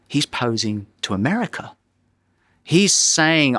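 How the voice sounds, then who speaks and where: A man's voice: mid-range voice, animated, measured pace, pushed and bright. A man, a photographer, telling a vivid anecdote in an interview, often restarting his sentences as he goes. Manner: vivid, dramatic storytelling with frequent restarts.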